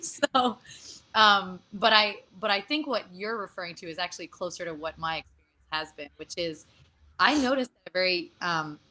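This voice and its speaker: A woman guest performer chatting casually in an interview over a video call, animated and laughing often. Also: on the low side, moderate pace, poor audio.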